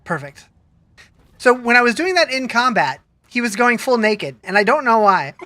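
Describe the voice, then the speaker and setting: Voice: mid-range voice, big pitch swings, moderate pace, bright, forceful tone. A game streamer with the hiccups, chatting casually on a live stream, reading out viewer comments and answering them with many restarts.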